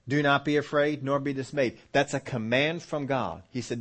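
A male pastor delivers a sermon in a mid-range voice. He reads scripture aloud and slows down on key words for emphasis. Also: mid-range voice, fairly bright tone, husky.

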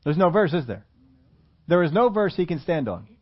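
A man's voice: on the high side, very animated, moderate pace. A man preaching a sermon in a conversational way, often asking his listeners questions. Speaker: pastor. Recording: muffled lo-fi recording.

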